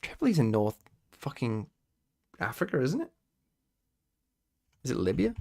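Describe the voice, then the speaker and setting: A man's voice: medium pitch, very animated, a little slow, creaky, a little mellow. British male streamer quizzing chat. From Britain. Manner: swearing, quizzing himself aloud and talking to chat. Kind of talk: casual live-stream chat.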